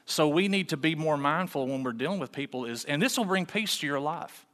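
A man preaching a sermon in a relaxed, folksy way, full of rhetorical questions, in a church sanctuary. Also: a little high, fairly quick, in a large hall. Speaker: pastor.

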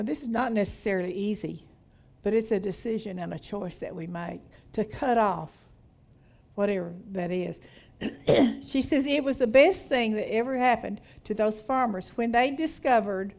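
With a fairly high-pitched, darkish voice, a middle-aged woman teaches a women's Bible study. She reads from a book and offers comments, often saying hallelujah and laughing.

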